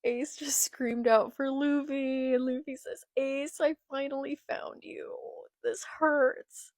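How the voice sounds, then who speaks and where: A young manga vlogger reads comic dialogue aloud and comments on it between lines in a casual reaction video filmed on a phone in portrait. Her high-pitched voice is steady, slow and a little mellow, and the sound is clean and studio-like with no room sound.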